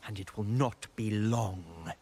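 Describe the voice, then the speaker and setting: An actor playing a fanatical male acolyte of a church order in a video game, issuing slow, ominous threats. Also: fairly low pitch, darkish tone. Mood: menacing.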